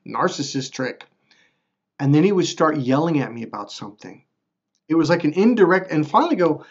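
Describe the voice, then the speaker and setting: A man talks straight to the camera in a casual self-help video, his voice sitting a little high for a man. He gets animated and acts out quotes in a louder, raised voice. The sound is dull and lo-fi. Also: fairly quick, breathy edge. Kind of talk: casual direct-to-camera talk.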